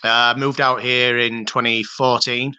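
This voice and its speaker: A man's voice: mid-range voice, level tone, unhurried, pushed and bright, smooth, dry recording, lo-fi sound. A man from the Leeds area chatting casually as a guest on a video call, laid-back and chatty. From Leeds area, England. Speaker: guest fan.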